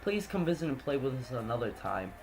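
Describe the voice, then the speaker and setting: A man's voice: mid-range voice, sing-song, a little fast, darkish tone, slight background noise. A man voicing a polite, slightly stammering little girl in a game.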